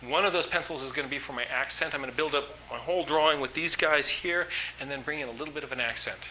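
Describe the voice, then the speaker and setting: A man giving an art workshop lecture in a very bright, forceful voice, pitched a little high. He explains in an eager, chatty way, full of ums and restarts. Faint room noise sits behind him. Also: quick pace, low-quality recording. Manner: enthusiastic, conversational, with frequent fillers. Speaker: art instructor.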